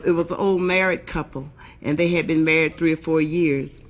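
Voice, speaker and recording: A woman's voice: sits low, steady tone, moderate pace, over music. A woman comedian telling profane, bawdy jokes in brash live stand-up.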